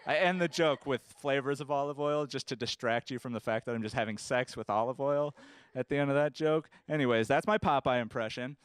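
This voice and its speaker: A young man performing a rambling, self-deprecating stand-up set on a comedy stage, full of halting restarts. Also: mid-range voice, smooth, no echo, clean studio sound. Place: comedy stage before a live audience.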